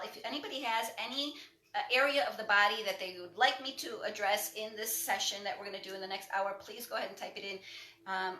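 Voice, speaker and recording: Female breath coach, slightly high and bright, warm-hearted live class talk in a roomy space. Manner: encouraging, conversational, lots of "right?". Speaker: breathwork instructor. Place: indoor room, livestream.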